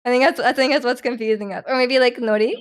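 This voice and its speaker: A woman's voice: on the high side, fairly even intonation, quick pace. A young woman streaming live, chatting casually with viewers, giggling and restarting her sentences often. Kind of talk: casual chat reading viewer comments.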